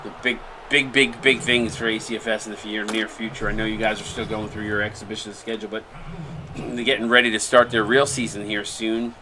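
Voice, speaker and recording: A man with a lowish voice and little pitch movement talks briskly over background noise. He's hosting a live stream, calling a simulated basketball game as a play-by-play caster while chatting casually with a co-host and viewers, rambling and restarting sentences.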